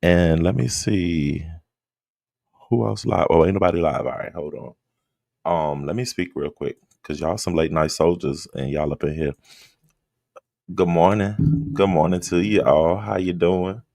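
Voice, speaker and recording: Man, rumbling bass voice, laid-back livestream host, just-woke-up drawl, dry room. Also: normal speed, vocal fry, dry recording. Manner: relaxed, greets chat members by name. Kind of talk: late-night casual livestream chat. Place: at home, late at night.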